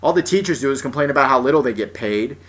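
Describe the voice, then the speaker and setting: A man's voice: medium pitch, lively intonation, quick pace, a bit bright. A young man telling a personal story as an exasperated, profane rant, often restarting his sentences. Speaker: vlogger.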